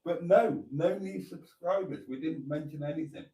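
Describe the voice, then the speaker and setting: A man's voice: on the high side, moderate pace, mellow. A man hosting a live stream, chatting casually and reading viewer comments aloud.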